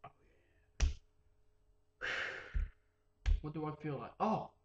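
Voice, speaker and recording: Slow, mumbling teen guy. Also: on the high side, expressive, echoey room, highs cut off. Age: late teens. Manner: mumbling, jumps between silly voices. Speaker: vlogger. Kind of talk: rambling casual vlog.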